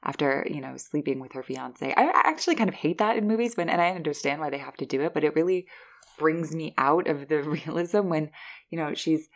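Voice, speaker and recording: A woman hosting a podcast, giving a chatty, animated recap of a movie. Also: deep voice, brisk. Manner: chatty, animated storytelling with laughs. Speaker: podcast host reviewing a film.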